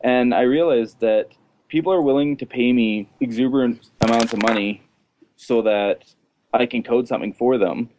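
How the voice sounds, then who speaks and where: Guy hosting a podcast, mid pitch voice, laid back storyteller, laughs a lot. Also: normal speed, background noise. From Canada. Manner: relaxed storyteller, laughs often. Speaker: podcast host. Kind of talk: casual storytelling chat.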